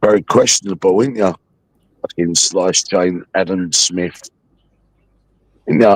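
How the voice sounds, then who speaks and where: A man's voice: low-pitched, unhurried, pauses often, dry recording. A man hosting a livestream, taunting a viewer in a mocking, aggressive rant full of swearing. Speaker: livestream host.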